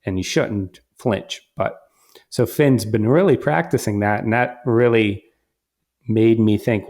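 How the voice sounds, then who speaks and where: A hunter and father casually telling a story about a hunt, animated and full of quoted dialogue and restarts. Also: lowish voice, unhurried. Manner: animated, quotes himself and others, frequent restarts.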